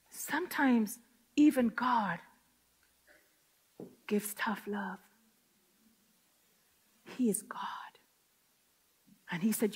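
High, bright woman giving dramatic testimony. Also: takes it slowly, long pauses, husky. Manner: dramatic, swings from hushed whispers to loud, tearful outcries. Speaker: speaker giving testimony to a women's gathering. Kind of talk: impassioned testimony. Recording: long hall reverb.

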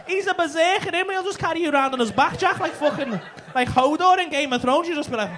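A man's voice: very high-pitched, very animated, normal speed. A man doing stand-up crowd work in a comedy club, teasing audience members with lots of swearing. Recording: live club with loud audience noise.

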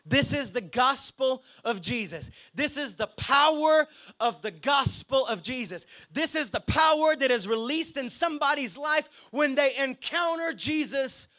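A man preaching a lively sermon as pastor, often checking in with the congregation. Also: very high voice, measured pace. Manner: lively, chatty, asks the crowd okay and right.

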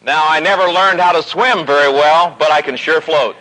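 Guy preaching, bright kinda tense voice, slightly high, old radio broadcast sound. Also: moderate pace, few pauses, rough recording. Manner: storytelling, rising pitch as the story builds. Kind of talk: sermon.

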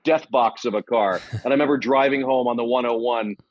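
A middle-aged man, an actor guesting on a podcast, telling stories in a lively, casual way and swearing freely. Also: mid-range voice, fairly quick, muffled recording. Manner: animated, swears casually, many restarts. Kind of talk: casual anecdotal storytelling.

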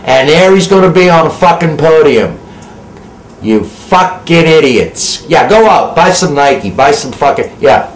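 A man delivering an angry, profane political rant with constant swearing and loud bursts. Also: fairly high pitch, roomy sound, slight background noise, poor audio. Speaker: actor ranting on camera.

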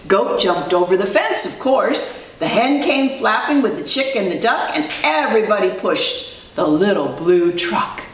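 A woman who teaches preschool, reading a picture book to small children in an animated, sing-song way and quizzing them as she goes. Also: mid-range voice, a little hiss or hum. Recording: echoey room, distant mic.

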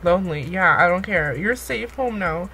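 A young woman giving excitable let's-play commentary, gasping and pleading with the game as she plays. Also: on the low side, normal speed, slight background noise, poor audio. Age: young adult. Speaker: gaming YouTuber.

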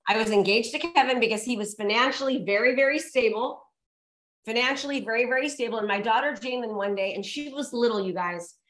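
A middle-aged woman giving an energetic motivational seminar as a real estate coach. She is emphatic, repeats her key phrases and calls out to the audience. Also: fairly high pitch, brisk. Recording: echoey room.

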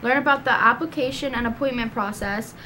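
A woman reading school announcements in a steady, informative way. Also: a little high, fairly quick, slight background noise.

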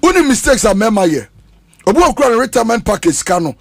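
A Ghanaian man on a church talk program, giving earnest advice. His voice sits high, and he moves between Twi and English. The recording is close and dry. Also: sing-song, quick pace, gravelly, dry recording. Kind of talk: church talk show discussion.

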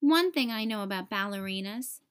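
A woman's voice: mid-range voice, animated, moderate pace, a bit bright, clean tone, lightly acted. A woman voicing a bossy, know-it-all older brother in a storybook read-aloud. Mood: insistent. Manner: smug, insistent.

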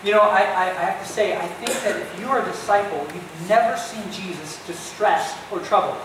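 A man's voice: sits high, a little fast, background noise. A man preaching a sermon as pastor, talking in a conversational way and acting out the people in the story. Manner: conversational, animated retelling with acted-out asides. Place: church sanctuary. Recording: echoey church hall, voice from far off.

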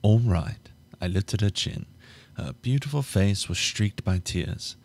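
Deep-voiced male audiobook narrator. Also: lively intonation, vocal fry. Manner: measured, restarts flubbed lines.

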